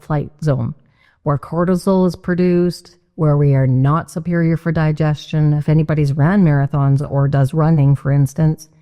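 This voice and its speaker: A woman dietitian explains things as an interview guest, with a low, mellow voice. She talks in an emphatic, teaching way and comes back to her key phrases. A long reverb hangs behind her words.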